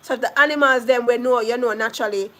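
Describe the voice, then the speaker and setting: A woman's voice: a little high, quick pace, a bit bright. Chatty Jamaican woman on a live stream. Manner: chatty, laughs often, answers viewers' comments. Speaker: vlogger reading live comments. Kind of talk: casual live-stream chat.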